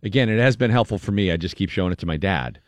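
A man's voice: sits low, lively intonation, very fast, dry recording. A man hosting a morning radio show, chatting casually and reading a news item aloud with playful quoted voices.

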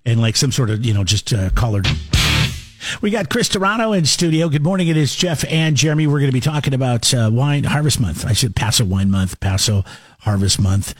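A man's voice: medium pitch, expressive, brisk, faint music behind. A man co-hosting a casual morning radio show, chatty and jokey.

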